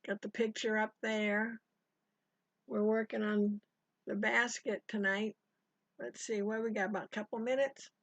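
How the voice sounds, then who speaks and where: An older woman leads a live sewing stitch-along, chatting casually, rambling, and greeting viewers by name. Her mid-range voice is flat and unhurried, with no echo. The stream audio is dry, dull and lo-fi.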